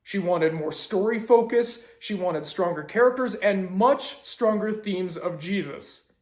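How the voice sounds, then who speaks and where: A young man casually telling a story as a video host, animated with sarcastic asides. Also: high voice, a little slow, reverberant.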